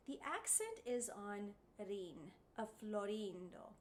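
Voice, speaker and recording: A woman's voice: medium pitch, expressive, takes it slowly, few pauses, slight background noise. A woman giving a singing lesson, encouraging her students and showing them the sounds with sung vowels. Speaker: voice teacher.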